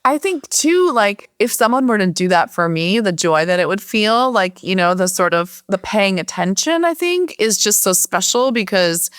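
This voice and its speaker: A woman's voice: mid-range voice, lively intonation, moderate pace, hardly any pauses, a bit bright, clean tone, dry recording, clean studio sound. A woman cookbook author chatting casually on a podcast, rambling and using "like" a lot. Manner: rambling, heavy use of "like".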